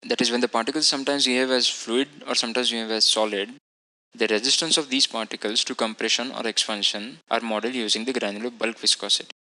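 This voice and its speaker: A man narrating a technical software lecture, explaining each model setting in a methodical way and now and then correcting himself. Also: mid-range voice, fairly even intonation, quick pace, low-quality recording. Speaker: instructor.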